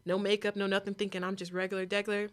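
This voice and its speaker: A woman's voice: mid-range voice, little pitch movement, rapid-fire, noisy background. A young woman as an interview guest, telling her story candidly and animatedly, acting out other people's voices as she goes.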